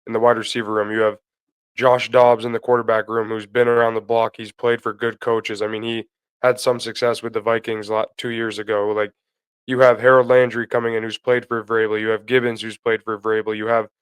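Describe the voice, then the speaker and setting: A man with a lowish, flat-toned voice talks sports in a loose, chatty way. His sound is smooth and clean, recorded dry and close. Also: a little fast, no echo, poor audio. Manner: relaxed, conversational, many fillers like "kinda" and "I mean". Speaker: sports podcast co-host. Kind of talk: casual sports talk.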